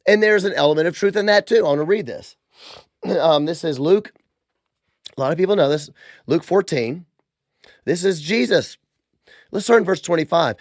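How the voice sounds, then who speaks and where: A man with a high voice and a gravelly edge hosts a podcast with casual religious commentary. He talks in an animated, sarcastic, conversational way, and his voice sounds dry and close. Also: normal speed, no echo. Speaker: podcast host.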